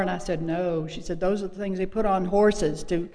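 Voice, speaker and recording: A woman sharing her personal recovery story at a meeting, speaking earnestly and haltingly, with many fillers and restarts. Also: on the low side, darkish tone. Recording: long echo of a hall.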